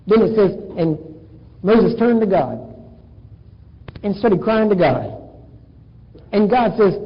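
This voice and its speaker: A man preaches with a husky, high-pitched voice, animatedly telling a Bible story and voicing its characters. The sound is muffled and lo-fi, with a long reverb from a large hall. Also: slow pace, pauses often. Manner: animated storytelling, acting out dialogue. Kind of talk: sermon. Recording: dull echoey hall recording.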